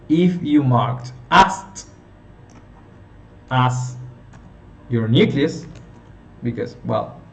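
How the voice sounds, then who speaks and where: A man teaching a phonetics lesson, explaining slowly and checking in with his listeners. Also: medium pitch, vocal fry. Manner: slow, explanatory, checking in with "okay?". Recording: roomy, distant, dull lo-fi sound with faint hiss.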